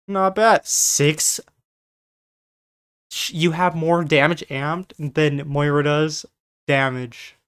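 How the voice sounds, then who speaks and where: A streamer giving reaction commentary on gameplay, incredulous and swearing often in quick bursts. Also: mid-range voice, fairly bright tone, clean tone.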